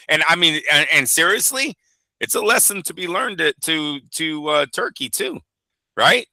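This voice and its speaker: A man's voice: on the high side, moderate pace, sharp tone, no room sound. A man co-hosting a boxing talk show, chatting casually and profanely, rambling through stories and acting out quotes. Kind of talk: casual podcast chat.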